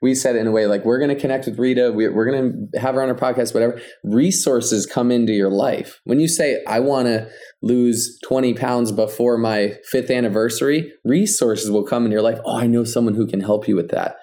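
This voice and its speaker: A man's voice: mid-range voice, brisk, dark tone. A man co-hosting a podcast, talking earnestly in a casual, coaching way. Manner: earnest, coaching tone with many "like" fillers. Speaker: podcast co-host. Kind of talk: casual motivational podcast chat.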